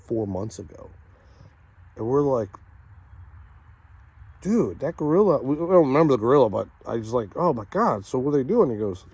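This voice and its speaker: A man telling a long joke as if it were a true story, dropping to a hushed low voice for the people he quotes. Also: no echo. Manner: drops low and quiet for the zookeeper's lines, shrieks for punchlines. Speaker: comedian storyteller.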